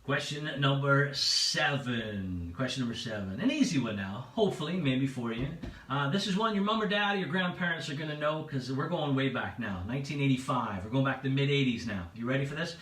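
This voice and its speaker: A man's voice: mid-range voice, animated, a little fast, fairly bright tone, distant mic. A man hosting a livestreamed pub quiz in a chatty way, repeating each question and laughing at his own jokes. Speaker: quiz host. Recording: echoey room, away from the mic.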